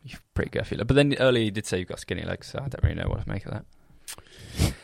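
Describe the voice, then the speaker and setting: A young man co-hosting a casual podcast, quiet and self-deprecating in banter. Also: lowish voice, expressive, fast, creaky, dry recording, studio quality. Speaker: podcast co-host. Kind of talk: casual chat.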